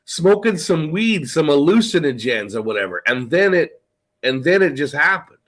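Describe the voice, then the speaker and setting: Rambling male guest, high-pitched, loose and profane. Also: very animated, normal speed, fairly bright tone, low-quality recording. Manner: rambling, swearing, tells stories with quoted dialogue. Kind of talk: casual chat on a call.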